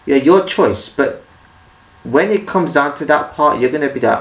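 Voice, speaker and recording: Male vlogger with a higher-than-usual voice, ranting to camera in a loose, restart-heavy way, recorded at a distance. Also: lively intonation, moderate pace. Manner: rambling, full of rhetorical questions and restarts. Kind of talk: ranting monologue. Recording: echoey room, distant mic.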